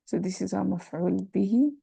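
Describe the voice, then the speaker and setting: A woman teacher guides students through Arabic sentence parsing, patiently repeating terms, mixing English with Arabic, and checking understanding with "right?". Her mid-range voice is fast and mellow with a gravelly edge, recorded dry and close without room echo.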